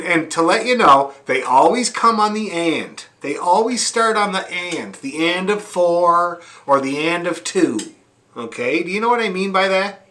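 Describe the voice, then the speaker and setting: A man's voice: high-pitched, bright, forceful tone. A man teaching fiddle, demonstrating bowings, counting beats aloud and often checking that his students are following. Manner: frequent check-ins asking students if they see. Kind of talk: online music lesson.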